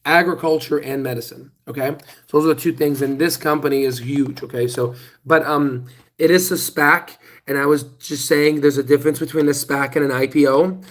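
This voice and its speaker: A man's voice: on the high side, steady tone, moderate pace, rough recording. Tired young man on a phone mic. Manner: rambling, self-deprecating, restarts often. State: tired, sore throat. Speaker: stock channel host. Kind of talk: casual livestream chat. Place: outdoors hot tub. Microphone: phone held in hand.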